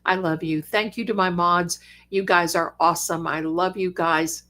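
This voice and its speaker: An older woman hosting a psychic live stream in casual, affectionate chat, calling her viewers darlings, with bursts of lively excitement. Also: lowish voice, normal speed. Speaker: psychic livestream host.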